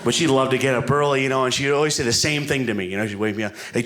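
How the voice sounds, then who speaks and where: A man's voice: medium pitch, steady tone, rapid-fire, fairly bright tone. Rambling self-deprecating stand-up comic man. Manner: rambling, self-deprecating, full of "like" and "you know". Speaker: stand-up comedian. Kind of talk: stand-up routine. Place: comedy club stage with a live audience. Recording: live room with audience noise.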